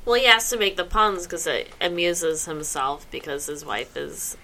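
A woman's voice: low voice, fairly even intonation, normal speed, bright, forceful tone, slight background noise. A woman co-hosting a podcast in casual chat, playful and rambling, laughing along. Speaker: podcast co-host.

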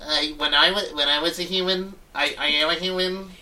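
A man's voice: a little high, fairly even intonation, brisk, bright, forceful tone, far from the mic, a little hiss or hum, rough recording. A man doing a comic impression of a stilted, robotic tech billionaire with an odd put-on accent. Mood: mock-robotic. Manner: mock-formal, stilted, strange put-on accent.

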